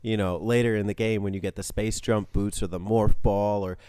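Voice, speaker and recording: Low, smooth-voiced man chatting casually. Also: brisk, no room sound. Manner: relaxed, rambling, many fillers. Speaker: podcast co-host. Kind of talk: casual gaming podcast chat.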